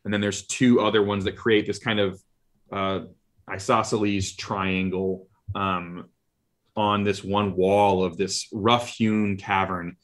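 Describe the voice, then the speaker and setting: A man narrating as dungeon master of a tabletop game, describing scenes in a halting way full of fillers and restarts. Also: low-pitched, little pitch movement.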